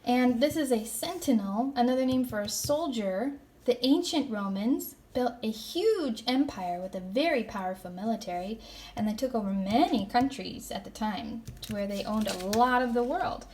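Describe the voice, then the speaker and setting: A woman's voice: on the high side, animated, moderate pace, darkish tone, slight background noise. A woman teaching young children, recapping a class in a playful, sing-song way. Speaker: elementary school teacher.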